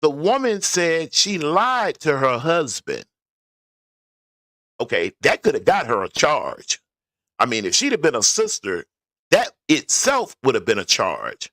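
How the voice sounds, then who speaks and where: A man with a fairly high voice talks casually to viewers while driving to work, rambling on in a garage setting as a vlogger. His pitch swoops wildly at a measured pace, and the tone is a bit bright. Clean studio sound, no echo.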